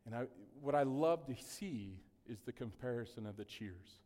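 A male pastor preaching a sermon in an animated, conversational way, with humorous asides. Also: medium pitch, normal speed, hardly any pauses. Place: church sanctuary. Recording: long hall reverb.

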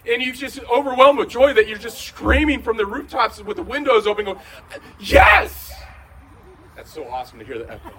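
A man preaching a conversational sermon in a large room, going from hushed to shouting. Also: extremely high pitch, far from the mic, slight background noise, poor audio. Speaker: pastor.

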